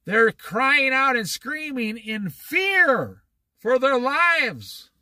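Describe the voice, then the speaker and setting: High, lively man teaching the Bible. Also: very slow, no echo. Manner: conversational, reads verses then explains them, acts out quotes. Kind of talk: informal Bible study commentary. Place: on the Oregon coast.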